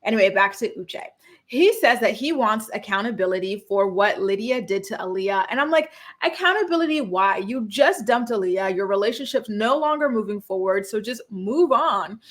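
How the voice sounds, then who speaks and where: A young woman recapping a reality show in a casual, opinionated way, indignant and animated, acting out quotes with sudden jumps in pitch. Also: normal speed.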